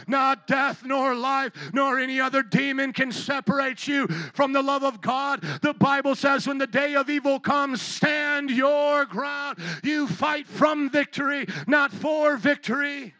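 A middle-aged man preaching with a high, bright voice that rises into shouts for emphasis. He mocks popular sayings. The sound is dry and close. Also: no room sound. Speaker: pastor. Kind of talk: sermon.

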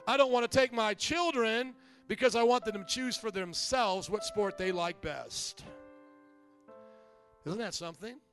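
A middle-aged man preaching a sermon as pastor, telling humorous stories in an animated way. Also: high-pitched.

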